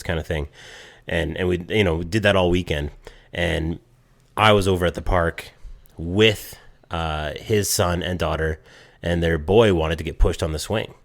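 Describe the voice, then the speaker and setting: A man's voice: deep voice, no room sound. A man from Canada co-hosting a podcast, teasing his friend and telling his own story in casual chat. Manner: wisecracking, quick teasing asides. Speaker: podcast co-host.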